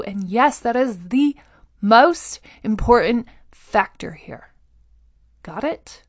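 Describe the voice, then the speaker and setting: A woman's voice: on the high side, dry recording, clean studio sound. A woman hosting a motivational talk, conversational and encouraging, who keeps checking in with her listener. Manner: earnest and encouraging. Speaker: motivational podcast host.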